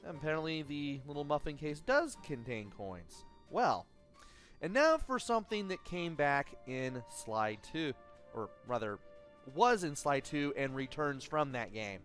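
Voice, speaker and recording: A man's voice: on the high side, very animated, measured pace, a bit bright. A man hosting a let's play, giving casual, explanatory gameplay commentary. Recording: voice-over with faint game music.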